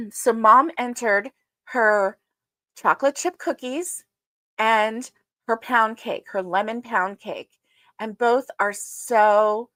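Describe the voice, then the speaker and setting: A woman's voice: mid-range voice, a bit bright, dry recording. A woman hosting a casual livestream, chatting and rambling with many fillers and greeting her viewers. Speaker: livestream host. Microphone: streaming setup.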